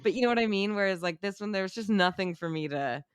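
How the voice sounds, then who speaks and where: A young woman co-hosting a casual chat, animated and laughing often, with lots of fillers. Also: mid-range voice, quick pace, smooth, no echo, clean studio sound. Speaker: podcast co-host.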